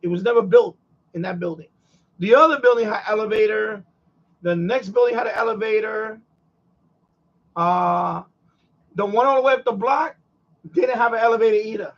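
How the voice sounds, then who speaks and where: On his radio hobby live stream, a man with a New York accent chats casually, repeating himself and chuckling often. His voice sits high at a normal speed with long pauses, and the highs are cut off.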